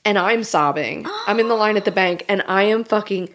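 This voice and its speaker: A woman's voice: mid-range voice, a little fast. Laughing, swearing woman podcast host. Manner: animated, swears freely, laughs often. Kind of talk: casual chat.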